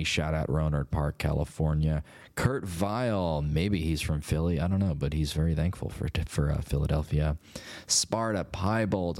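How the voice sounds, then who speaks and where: With a low, darkish, nasal voice, a radio host signs off his episode in a casual outro. He rambles along in a laid-back, talkative way.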